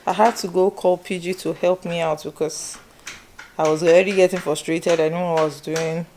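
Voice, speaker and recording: A woman's voice: fairly low pitch, fairly even intonation, brisk, a little mellow, slight background noise. A woman, chatting casually to camera as a vlogger. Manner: chatty, talks straight to viewers. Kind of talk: casual vlog chat to camera.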